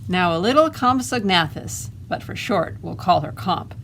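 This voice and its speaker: A woman librarian reading a picture book aloud at children's storytime, expressive and asking little questions. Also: lowish voice, moderate pace, slight background noise.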